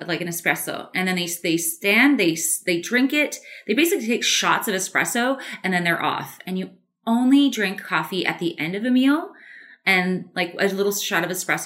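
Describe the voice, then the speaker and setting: Speaking in a mid-range, fairly bright voice, this Canadian guest artist shares stories during a relaxed interview. She's talkative, laughs a lot and fills her speech with fillers.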